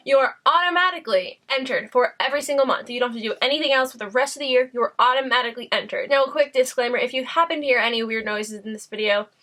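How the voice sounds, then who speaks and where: Young woman doing a chatty makeup tutorial, kinda high voice, super casual. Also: fairly bright tone. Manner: chatty and bubbly, talking to camera. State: out of breath. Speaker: beauty vlogger. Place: bathroom at home.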